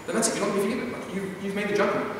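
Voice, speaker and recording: A man's voice: high voice, very fast, slight background noise. A man giving a conversational youth talk at church, who keeps asking his listeners whether they follow and often repeats words as he restarts a sentence. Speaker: youth meeting speaker. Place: church hall. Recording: very echoey hall, voice picked up from a distance.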